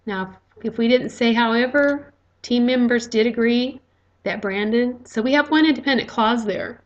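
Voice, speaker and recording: A woman delivers a recorded grammar lecture in a slightly high voice. She explains patiently and step by step, often pausing on "okay" and "uh" as she goes. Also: muffled recording. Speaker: teacher.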